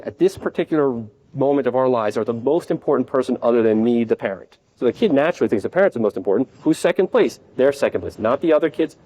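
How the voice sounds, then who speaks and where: A man lecturing as a psychiatrist at a conference, rattling along at a brisk clip. His voice is mellow and dark. His delivery is conversational, and he acts out examples as he explains. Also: mid-range voice. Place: conference at a hotel.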